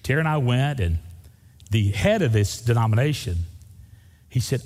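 A man preaches with a folksy, storytelling manner, hammering his points home by repeating them. His voice is mellow and a little husky. The sound carries the long reverb of a church sanctuary. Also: mid-range voice, sing-song, moderate pace. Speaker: pastor. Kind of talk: sermon.

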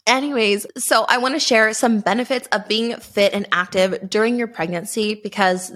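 A young pregnant woman hosting a podcast, telling a personal story in an earnest, emotional and animated way. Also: medium pitch, normal speed. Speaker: podcast host.

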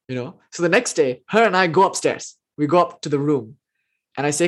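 A man's voice: on the high side, a little fast. Man telling spiritual stories casually. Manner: conversational, often checks in with the listeners. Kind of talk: casual spiritual storytelling talk.

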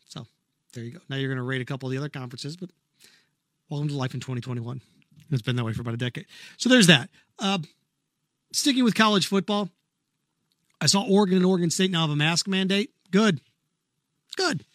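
A man's voice: on the high side, fairly quick, pauses often, a bit bright, no echo, studio quality. A man hosting an opinionated sports talk monologue, blunt and sarcastic. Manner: blunt, sarcastic, mocks callers with put-on voices. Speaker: radio sports talk host.

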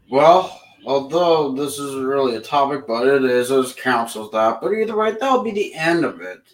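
Woody, a slow, distant cowboy toy, as a man voices him. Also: medium pitch, animated, natural voice. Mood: wrapping up. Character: folksy, earnest male cowboy toy. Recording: roomy and off-mic.

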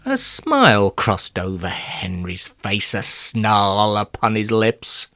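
A man's voice: fairly low pitch, huge pitch swings, slow pace, bright, forceful tone, dry recording. A man reading a rhyming children's story in a playful, theatrical way. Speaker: narrator.

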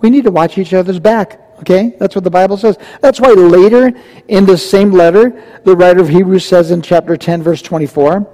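A pastor delivers a verse-by-verse sermon, emphatic and firing rhetorical questions at his congregation. His fairly high, mellow voice moves a little fast and rings with the long reverb of a large church hall.

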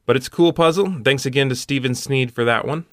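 A man's voice: mid-range voice, brisk, background noise. A man hosting a puzzle show, walking through solutions step by step with dry punning asides.

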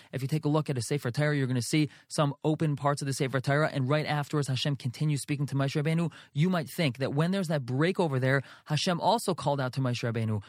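Quick, dry-voiced man teaching Chumash Rashi. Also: on the high side, no room sound. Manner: reads Hebrew phrases and translates each into English. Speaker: Torah teacher. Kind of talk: line-by-line Chumash and Rashi lesson.

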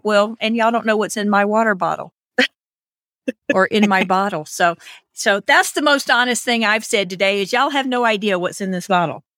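A woman's voice: mid-range voice, dry recording, clean studio sound. A woman hosting a podcast over a remote call, chatting casually and laughing often. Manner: laughing, chatty, animated storytelling. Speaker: podcast host. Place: home, on Pacific time.

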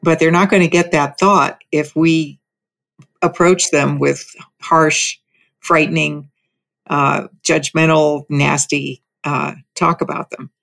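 An older woman telling a calm, reflective story about raising children, with soft laughs between her thoughts. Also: deep voice, takes it slowly, gravelly. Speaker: speaker on parenting. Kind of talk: reflective casual talk.

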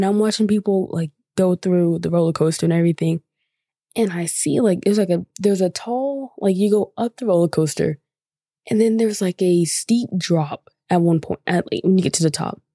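A woman's voice: mid-range voice, normal speed, mellow, no room sound, studio quality. A woman podcast host telling a personal story in a rambling, casual way, full of fillers and the odd swear.

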